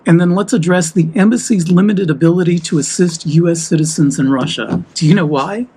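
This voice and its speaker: Heated, husky American man vlogging. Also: fairly high pitch, fairly quick, mellow, rough recording. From United States. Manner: heated and emphatic. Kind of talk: walk-and-talk vlog.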